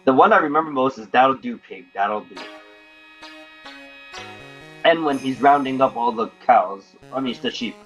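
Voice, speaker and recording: A man's voice: mid-range voice, moderate pace, long pauses, muffled recording, soft background music. Joking male game streamer. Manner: rambling, joking. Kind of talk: casual game stream chat.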